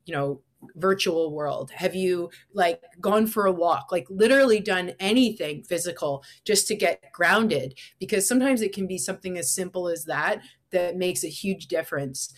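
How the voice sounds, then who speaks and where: A woman's voice: on the low side, normal speed. Chatty, encouraging woman giving advice. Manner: chatty and encouraging, with frequent "like" fillers. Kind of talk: casual conversation.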